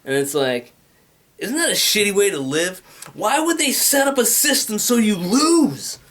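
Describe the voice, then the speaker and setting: A man's voice: sits high, big pitch swings, normal speed, fairly bright tone. A man in a casual, rambling rant, swearing often and restlessly jumping between ideas. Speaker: vlogger pitching his venture.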